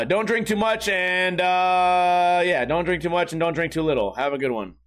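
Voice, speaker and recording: Hoarse, grumbling man podcaster. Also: high-pitched, lively intonation, a little slow. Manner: profane, grumbling, self-deprecating. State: hoarse, voice failing. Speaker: podcast host. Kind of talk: casual solo podcast rant.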